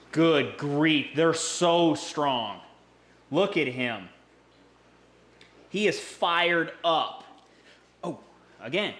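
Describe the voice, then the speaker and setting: An excitable man giving hands-on vlog commentary beside a big fish tank, exclaiming and repeating himself as he talks to his viewers. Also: fairly high pitch, echoey room. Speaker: fish-keeping vlogger. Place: indoors by a large fish tank. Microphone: camera mic, handheld.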